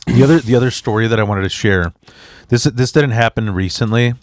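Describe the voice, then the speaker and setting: Man, casual storyteller, swears a lot, animated retelling, mid pitch, dry sound. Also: brisk, no echo. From immigrant. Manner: profane, rambling, animated retelling. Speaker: podcast guest, standup comedian.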